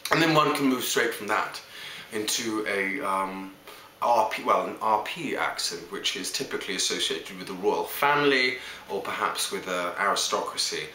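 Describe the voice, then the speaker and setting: A man's voice: lowish voice, expressive, normal speed, pushed and bright. A man, an actor, talking casually to camera while switching through a string of different English accents. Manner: hops between English accents, chatty and self-assured. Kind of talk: accent showreel monologue. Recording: echoey room.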